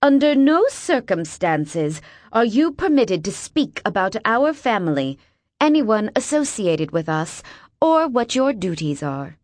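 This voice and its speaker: A woman's voice: mid-range voice, big pitch swings, unhurried, no echo, studio quality. A woman voicing a curt, sneering older rich wife with a cold manner. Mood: haughty.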